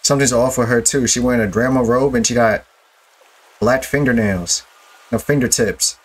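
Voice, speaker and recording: A woman's voice: rumbling low, normal speed. A young woman streamer giving blunt, profane, joking commentary while playing a game. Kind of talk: let's play commentary. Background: game audio.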